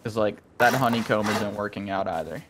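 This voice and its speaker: A man's voice: on the low side, fairly quick, background noise. A man playing alongside a friend, casual and slangy, laughing easily. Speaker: co-player. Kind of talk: casual gameplay chat.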